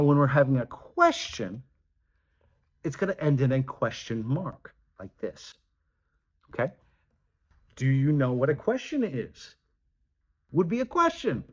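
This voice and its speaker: A male teacher walks through a punctuation lesson, acting out example sentences. His voice is a touch husky and swings widely in pitch. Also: muffled recording. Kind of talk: classroom grammar lesson.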